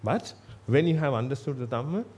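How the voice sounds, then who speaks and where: A man's voice: medium pitch, animated, brisk, darkish tone, breathy edge. A man giving a Buddhist sermon in a blunt, emphatic way, repeating himself for stress. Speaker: Buddhist monk.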